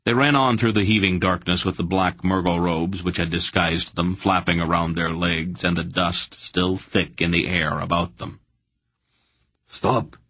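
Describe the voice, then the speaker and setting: Male audiobook narrator, very low, husky, dry, steady telling. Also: no room sound. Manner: steady, measured storytelling.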